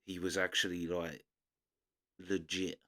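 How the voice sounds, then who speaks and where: A man's voice: sits low, a little slow, fairly bright tone. A young man with a London accent giving loose, rambling commentary as a reaction video host. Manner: rambling, loose, full of restarts and fillers. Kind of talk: casual commentary.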